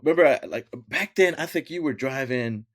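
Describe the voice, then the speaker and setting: A man hosting a podcast, chatting casually and reacting to his guest with lively interjections. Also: mid-range voice, a little fast. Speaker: podcast host.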